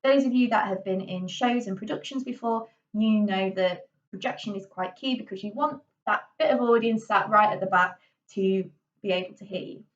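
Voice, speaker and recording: A young woman drama teacher with a medium-pitched voice gives a casual classroom tutorial at a moderate pace. She's chatty and gestural, using many fillers and "okay"s, and the recording is dull, lo-fi, and a little off-mic and distant.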